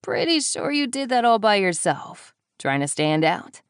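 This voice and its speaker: A woman's voice: medium pitch, sing-song, a little slow, clear, resonant tone, no room sound, studio quality, pitched above the performer's own voice. A woman voicing a wry young man who teases his partner in crime. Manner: teasing, smirking.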